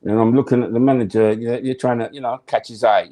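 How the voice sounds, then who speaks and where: A former footballer, appearing as an interview guest, tells stories with animation in conversation, emphatic and slangy, and acts out his own thoughts. His mid-range voice is warm and fast, with fairly even intonation.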